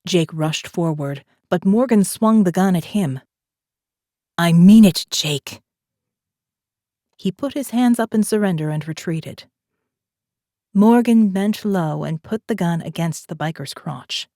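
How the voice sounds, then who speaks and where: A woman narrating a thriller audiobook in a steady, measured reading voice, close to a studio mic. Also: on the low side, dry recording. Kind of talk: scripted narration.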